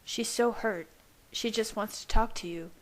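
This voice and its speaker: A woman's voice: on the high side, unhurried, lightly acted. A woman voicing a brooding young male vampire who speaks in a restrained, earnest way.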